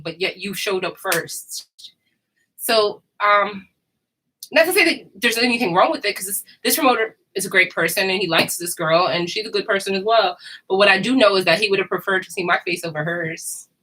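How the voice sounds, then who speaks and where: A woman's voice: medium pitch, pushed and bright, low-quality recording. A woman, talking candidly to her viewers in a loose, slangy monologue full of laughs. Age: 30s. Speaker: vlogger. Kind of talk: casual monologue to camera.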